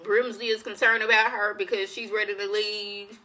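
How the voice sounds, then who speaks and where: A woman's voice: medium pitch, little pitch movement, normal speed, bright, forceful tone, low-quality recording. A woman giving a chatty, rambling, opinionated recap as a show reviewer. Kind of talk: casual recap.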